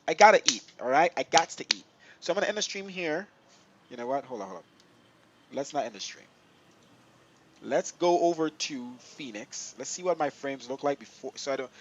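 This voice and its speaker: A young man live-streaming a flight simulator, chatting excitedly to his viewers and laughing often. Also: medium pitch, highs cut off, a little hiss or hum. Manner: excitable, laughing, talks to chat.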